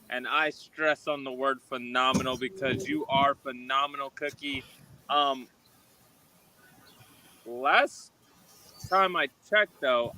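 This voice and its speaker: A man's voice: on the high side, bright, forceful tone, a little hiss or hum, rough recording. A man guest on a video call, delivering a bombastic, repetitive showman promo. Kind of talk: wrestling promo.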